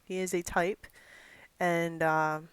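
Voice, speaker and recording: A woman's voice: lowish voice, flat delivery, slow, clean tone, no echo. A woman giving earnest Christian commentary in a vlog, thinking aloud with fillers.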